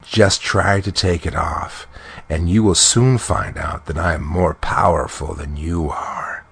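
A man's voice: low-pitched, steady tone, a little slow, creaky, fairly bright tone, breathy edge, exaggerated voice. Man doing a spiteful boastful little dwarf. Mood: menacing. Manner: menacing, boastful. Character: spiteful jealous male dwarf, small.

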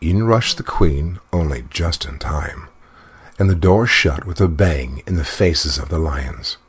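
A man narrating a fairy tale in an expressive, unhurried way. His voice is very deep with a husky grain. His pitch rises and falls in a lively way. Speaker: storyteller. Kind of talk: storybook narration.

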